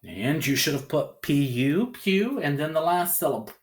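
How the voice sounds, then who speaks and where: A man's voice: medium pitch, very animated, normal speed, hardly any pauses. A man teaching a phonics lesson to young learners, sounding out letters one by one and checking in with a rising "okay?".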